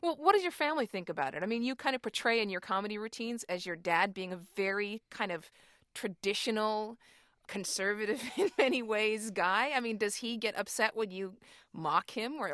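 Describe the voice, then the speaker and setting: Measured woman radio host, dry sound. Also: medium pitch, fairly bright tone, no echo. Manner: measured, probing. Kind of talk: radio interview.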